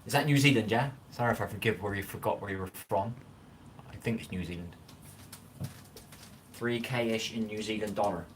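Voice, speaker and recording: A man's voice: lowish voice, normal speed, long pauses, slight background noise. A middle-aged man hosting a casual livestream, reading viewer comments aloud and giving folksy advice while stumbling over names. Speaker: livestream host.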